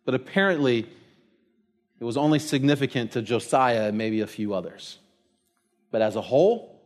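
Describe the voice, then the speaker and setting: A middle-aged man, preaching a sermon in an animated, storytelling way. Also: medium pitch, moderate pace, pauses often. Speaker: pastor.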